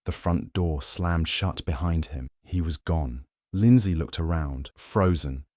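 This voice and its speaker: Man, very low voice, dry close sound, calm scripted story reading. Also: no echo. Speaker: story narrator. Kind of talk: scripted first-person storytelling.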